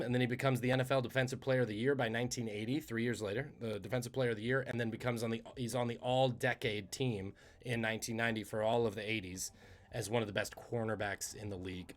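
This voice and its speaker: A man hosting a podcast, telling trivia stories in a casual, animated, conversational way. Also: medium pitch, fast talker. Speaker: podcast host.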